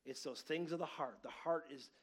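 Man in his forties, pastor giving a sermon, animated storyteller, sudden loud bursts and hushed asides. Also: fairly high pitch, normal speed. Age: 40s.

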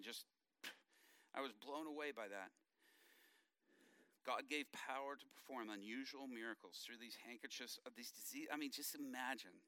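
A middle-aged male pastor preaching a sermon, telling stories in an animated way and acting out the quotes. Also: mid-range voice, no room sound, clean studio sound.

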